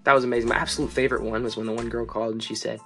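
A man's voice: mid-range voice, level tone, bright, forceful tone, faint music behind. A young man hosting a fan podcast in a casual, playful, joking way. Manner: playful, joking, quick asides.

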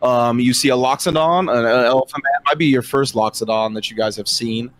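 A man's voice: medium pitch, moderate pace. A young man narrating a tabletop game as game master, casual and full of fillers.

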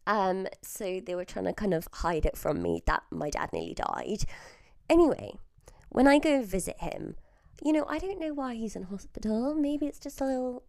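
Chatty young woman, gravelly, close-miked. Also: mid-range voice, very animated, moderate pace, a little mellow, no echo. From southern England. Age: early 20s. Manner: chatty storytelling, laughs often, swears, drops into whispers. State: feeling unwell. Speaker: podcast host. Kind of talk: casual chat. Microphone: very close to the mic.

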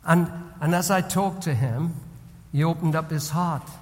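A man preaching as a senior pastor, moving between hushed, tender storytelling and loud, rising exhortation. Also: a little high, unhurried, long reverb tail, faint music behind. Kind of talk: sermon.

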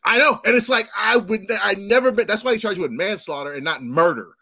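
A man's voice: high voice, fast talker, slightly rough, dry recording, dull audio. A middle-aged man hosting a podcast, telling stories in a casual chat, acting out the voices of the people in them and swearing freely. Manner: animated, acts out quoted voices, swears freely. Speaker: podcast host.

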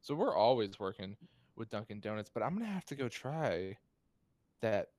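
A man's voice: lowish voice, big pitch swings, normal speed, a little mellow, no echo. A man hosting a casual chat, upbeat and jokey, laughing often. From Texas. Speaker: host.

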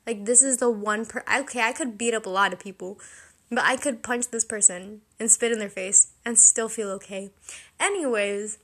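A young woman with a slightly high voice chats casually to her audience. She rambles, leans on fillers and corrects herself as she goes. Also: fairly bright tone. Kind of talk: casual confessional chat.

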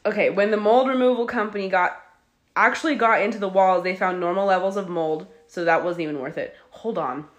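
A woman co-hosting a podcast, reading a listener letter aloud and telling her own stories in a chatty, animated way. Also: medium pitch, fairly quick. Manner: chatty and animated, breaks into laughter. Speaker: podcast co-host. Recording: roomy echo.

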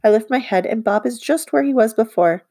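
A woman narrating a children's audiobook in the first person, with lively, girlish storytelling. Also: on the high side, a little fast. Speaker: audiobook reader.

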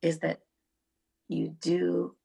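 A middle-aged woman, a songwriter guest, telling stories in a lively podcast chat with many restarts. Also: on the low side, drawn-out words, vocal fry, husky. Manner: storytelling, animated, with restarts. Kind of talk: casual podcast conversation.

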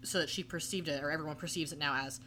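Chatty woman with a bright voice. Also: deep voice, steady tone, rapid-fire, slight background noise. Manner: chatty, heavy with "like" and "um". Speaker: podcast co-host. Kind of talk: casual chat recapping a TV episode.

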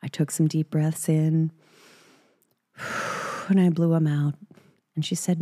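Husky, giggly woman storyteller. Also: low-pitched, flat delivery, slow, long pauses, mellow. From Texas. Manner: intimate, giggly, dropping into whispers. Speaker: podcast host. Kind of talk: personal storytelling.

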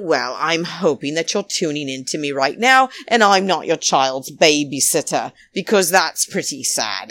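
A chatty, theatrical woman rambles through her podcast from home, her voice swooping up and down. She talks slowly and lingers on her words. The sound is close and dry. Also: sits low, a bit bright, no room sound. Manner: chatty and theatrical, keeps calling listeners darlings. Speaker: podcast host. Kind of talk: casual rambling podcast monologue. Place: home, New York.

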